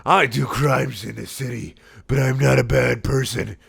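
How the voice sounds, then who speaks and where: A brooding, edgy teenage hedgehog from a fan story, gravelly and self-serious, as a man reads him in a voice close to his own. The delivery is flat and mock-solemn. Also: mid-range voice, normal speed, full character voice. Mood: self-pitying. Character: brooding edgy male hedgehog antihero, teen.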